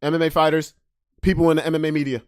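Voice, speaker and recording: A man hosting a podcast, ranting casually, swinging from loud emphasis to low mutters. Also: flat delivery, rapid-fire, no echo, studio quality. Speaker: podcast host. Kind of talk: casual monologue rant.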